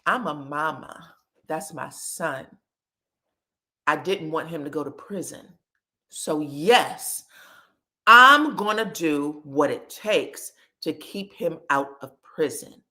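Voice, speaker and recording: A woman voicing a protective mother, speaking low, quiet and firm. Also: lively intonation, normal speed, hardly any pauses.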